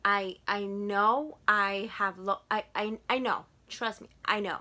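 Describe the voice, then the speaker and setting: A woman's voice: medium pitch, steady tone, slow pace, bright, forceful tone. A woman in her twenties with a Spanish accent, chatting to camera in a casual haul vlog, gushing and repeating words for emphasis. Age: 20s. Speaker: vlogger.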